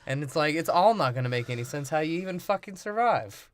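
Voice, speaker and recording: A man's voice: a little high, animated, fast talker. A man co-hosting a podcast, joking crudely and swearing as he picks a movie apart. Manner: crude, profane, laughing banter. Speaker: podcast co-host. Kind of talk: casual comedic movie breakdown.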